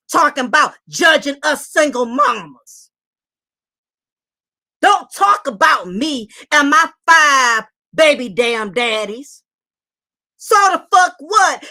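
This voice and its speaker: A woman voicing a loud, furious single mother who shouts, curses and repeats herself while ranting defensively. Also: high-pitched, full character voice. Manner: shouting, cursing, repetitive ranting. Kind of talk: comedic rant impression.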